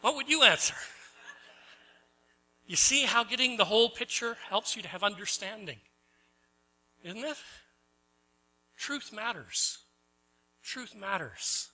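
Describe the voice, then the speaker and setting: A middle-aged male pastor with a high, very bright, cutting voice preaching a sermon in church. He tells stories and acts out the characters, asks the congregation questions, and swings from loud emphatic lines to soft, hushed ones. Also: moderate pace, long pauses, slight background noise, poor audio.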